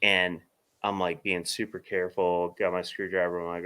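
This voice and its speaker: A man's voice: low voice, moderate pace, clean tone. A young man co-hosting a podcast, telling a story in casual, profane chat and laughing as it builds. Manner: animated storyteller, swears freely, laughs through the story. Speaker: podcast co-host.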